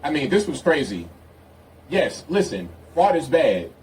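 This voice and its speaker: A man's voice: fairly high pitch, sing-song, a little slow, a little mellow. A man doing mocking, incredulous commentary on video clips. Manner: mocking, incredulous, laughing asides. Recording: distant mic with faint noise.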